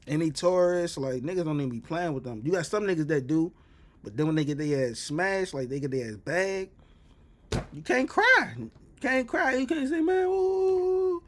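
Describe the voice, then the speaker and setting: Animated high-voiced man. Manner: animated, swings into loud high exclaims. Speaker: reaction streamer. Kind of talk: casual storytelling.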